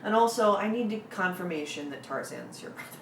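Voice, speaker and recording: Brief: female film-review co-host, lowish voice, hesitant with lots of fillers, distant roomy sound. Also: lively intonation, quick pace. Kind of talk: casual chat.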